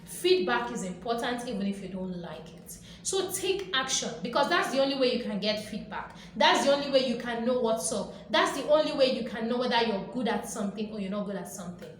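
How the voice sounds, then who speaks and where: A woman hosting a motivational video talks briskly with barely any pauses, her fairly high voice expressive. She emphasizes and repeats herself and playfully acts out quotes, and the recording has heavy echo plus faint background noise.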